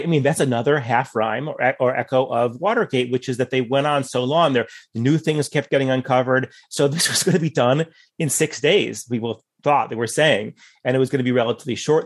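Male guest commentator, mid-pitched, thinks aloud and hedges with "you know" asides. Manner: thoughtful, measured, hedging with asides. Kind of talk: conversational political analysis.

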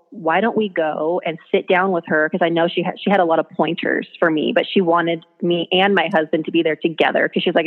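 A woman, a mother and blogger, telling parenting stories in an earnest, chatty way. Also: lowish voice. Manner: earnest, storytelling, acts out her kids' voices. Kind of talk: casual interview chat. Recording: tinny phone-line sound.

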